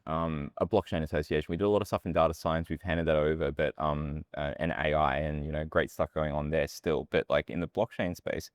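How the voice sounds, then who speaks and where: Deep-voiced relaxed male podcast host. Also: brisk, hardly any pauses, no echo, studio quality. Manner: relaxed, chatty, agreeable with frequent backchannels. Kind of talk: casual podcast chat.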